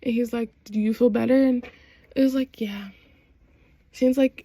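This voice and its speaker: A young woman casually recapping a TV show, animated and slangy, acting out the characters' lines as she goes. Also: on the high side, moderate pace, no echo. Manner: animated, slangy retelling with quoted voices. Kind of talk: casual chat.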